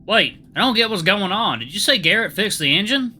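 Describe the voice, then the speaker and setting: A man's voice: sits high, lively intonation, brisk, sharp tone, pitched above the performer's own voice, exaggerated voice. A man voicing a laid-back male passenger with an American Southern accent and a folksy drawl. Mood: teasing.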